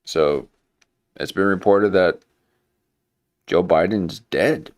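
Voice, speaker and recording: A man hosting a livestream talks in a very deep, unhurried voice. He meanders through jokey asides and stops to restart his sentences. The delivery is loose and conversational. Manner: meandering, many fillers and restarts, joking. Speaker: livestream host. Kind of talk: casual conspiracy commentary.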